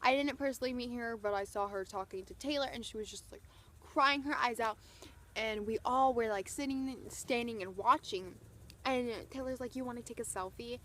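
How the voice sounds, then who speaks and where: A woman's voice: on the high side, normal speed, fairly bright tone. Gushing young woman vlogger. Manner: gushing, breathless retelling full of "like". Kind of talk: excited storytime vlog.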